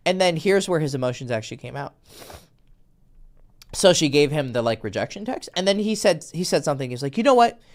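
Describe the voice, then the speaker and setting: Dating coach, male, casual podcast chat, blunt and swearing, pitch leaps around lively as he acts out quotes. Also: fairly quick. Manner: animated storytelling, acts out quoted texts.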